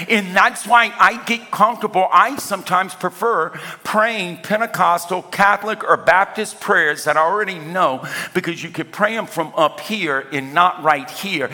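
A man's voice: high voice, bright, forceful tone. An older man preaching a sermon as pastor, talking conversationally and often asking the congregation if they follow him. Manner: conversational, asks the congregation for responses. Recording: echoey hall with long reverb.

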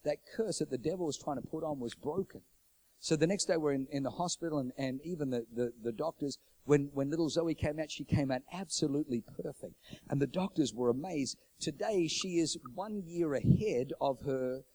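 Preaching a sermon with animated storytelling, this middle-aged New Zealand pastor has a mellow voice that sits slightly high for a man. He moves at a moderate pace with no echo, and when quoting others he performs their voices, his pitch leaping about.

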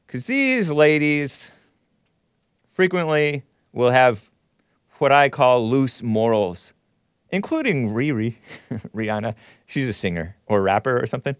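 A man's voice: medium pitch, sing-song, measured pace, long pauses, clear, resonant tone, no room sound, clean studio sound. A man hosting a commentary show, reading a news article aloud and breaking into sarcastic, mocking asides with chuckles. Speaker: host. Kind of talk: casual commentary monologue.

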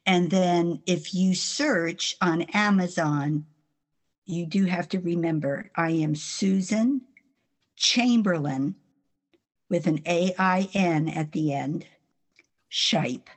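An older woman with a New Jersey accent speaks slowly and deliberately in a somewhat low voice. She is a guest in a faith interview, telling earnest stories from her life with an occasional laugh. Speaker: guest author.

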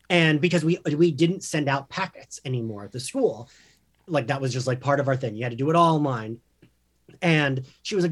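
A man's voice: fairly high pitch, a little fast. A man in his thirties co-hosting a podcast, telling rambling stories in a chatty, laughing way. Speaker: podcast co-host. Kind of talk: casual chat, storytelling.

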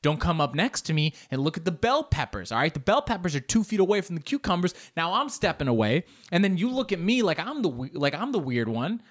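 A young man delivering a profane, animated comic monologue, acting out bits in high put-on voices. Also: brisk, hardly any pauses. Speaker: comedian. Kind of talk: stand-up style comic monologue.

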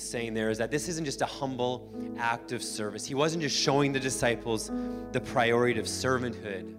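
A man's voice: mid-range voice, fairly even intonation, moderate pace. A male pastor preaching a sermon in a church, emphatic and repetitive, returning to the same phrases again and again. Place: church sanctuary. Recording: long hall reverb with band music.

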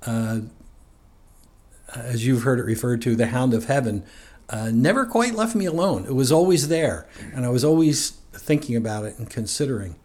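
A man from New Jersey sits as a guest and tells his own story at an easy, meandering pace. His voice sits at an ordinary middle pitch. He talks in a loose, conversational way and often chuckles as he goes. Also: normal speed. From New Jersey, USA. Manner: relaxed and rambling, with frequent chuckles.

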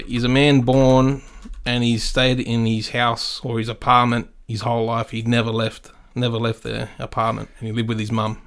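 A middle-aged Australian man, a podcast guest, chatting in a laid-back way and swearing casually. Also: mid-range voice.

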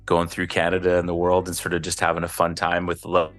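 A man's voice: deep voice, monotone, fairly quick, fairly bright tone, faint music behind. A man hosting a podcast, chatting in an easygoing way with loose slang. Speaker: podcast host. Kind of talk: casual chat.

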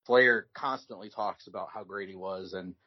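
A man co-hosting a podcast in casual chat, telling stories in a relaxed way with frequent restarts. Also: deep voice, normal speed, husky. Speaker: podcast co-host. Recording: dull lo-fi recording.

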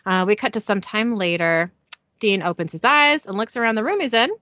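Woman host, chatty and irreverent, bright voice, animated delivery, dry and slightly muffled recording. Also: mid-range voice, a little fast, dry recording. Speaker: podcast host. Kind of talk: casual episode recap.

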